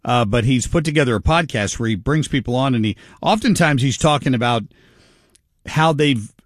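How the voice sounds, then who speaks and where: A man hosting a talk radio show, commenting on clips in a casual, halting way with many fillers. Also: medium pitch, animated, dry recording, clean studio sound.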